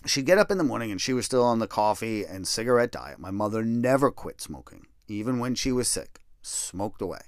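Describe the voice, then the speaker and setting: A man's voice: sing-song, dry recording, clean studio sound. A middle-aged man hosting a podcast, rambling and self-deprecating as he tells stories from his life, sometimes reading a draft aloud. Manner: rambling, self-deprecating, reads a memoir draft in a lower, slower voice. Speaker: podcast host. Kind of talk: casual storytelling podcast.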